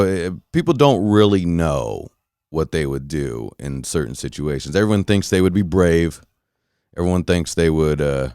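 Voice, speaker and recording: A deep-voiced man tells a story in a loose, animated podcast rant, swearing freely and acting out his own shouts and reactions. His voice is low and heavy. The recording is dry and close, with no room sound. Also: clear, resonant tone, no room sound. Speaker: podcast host. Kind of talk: casual monologue storytelling.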